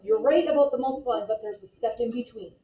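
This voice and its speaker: A woman's voice: on the high side, fast, recorded from a distance. A woman math teacher in a classroom, patiently explaining steps and calling on students. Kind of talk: classroom lesson. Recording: echoey classroom recorded from afar, dull lo-fi.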